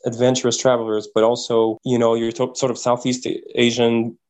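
A man from Quebec, a podcast guest telling travel stories in a casual, animated way, often repeating words as he thinks. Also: mid-range voice, a little fast, poor audio. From Quebec, Canada. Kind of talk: casual interview storytelling.

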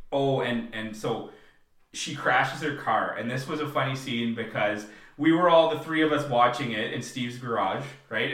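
Bright-voiced man in a roomy mic. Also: medium pitch. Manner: animated, acts out quotes in raised voices. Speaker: podcast co-host. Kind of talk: casual chat. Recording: roomy, slightly distant mic.

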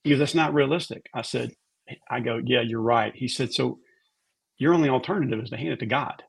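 A man's voice: mid-range voice, a little fast, vocal fry, slightly rough. A man as a podcast guest, giving a heartfelt faith testimony and repeating words for emphasis.

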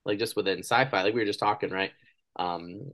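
Animated, low-voiced male podcast host. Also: a little fast. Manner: animated storyteller, acts out quoted people. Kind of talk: casual interview chat.

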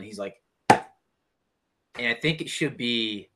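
A man's voice: medium pitch, a little slow, pushed and bright, a little hiss or hum. A young man in a casual chat, thinking aloud, often stopping and restarting his sentences. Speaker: co-host.

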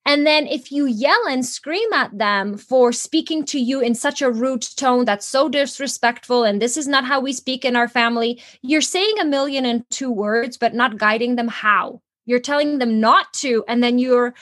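A woman parenting coach answers interview questions in an earnest, explanatory way. She keeps giving examples from family life. Her voice is high and bright-pitched. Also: normal speed, few pauses. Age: adult mother.

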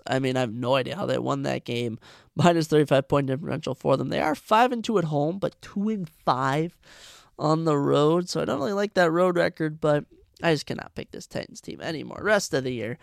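A gravelly, slightly high-voiced man hosts a casual solo podcast, talking his way through his picks. He thinks aloud, breaks off mid-sentence and corrects himself. The sound is dry and close. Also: no echo. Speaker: podcast host.

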